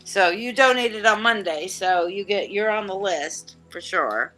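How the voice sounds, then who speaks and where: A woman's voice: medium pitch, measured pace, faint music behind. A woman hosting a live psychic stream, chatting loosely and joking while she reads viewer comments. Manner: hyped, animated, joking, reading chat comments aloud. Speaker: psychic show host. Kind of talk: live-stream casual chat.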